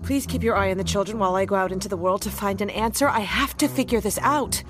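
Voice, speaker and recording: A woman's voice: medium pitch, fast talker, over music, lightly acted. An actress playing a brave, resourceful young farmer woman with a bold, emphatic manner in a kids' audio drama. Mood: determined.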